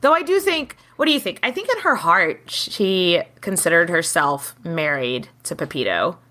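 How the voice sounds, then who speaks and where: A woman co-hosting a casual history podcast, telling the story with lively acted-out quotes and casual swearing. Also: on the low side, moderate pace. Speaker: podcast co-host.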